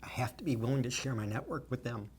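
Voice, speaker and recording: A man's voice: mid-range voice, quick pace, slight background noise. A businessman answering interview questions in an earnest, emotional, stream-of-consciousness way.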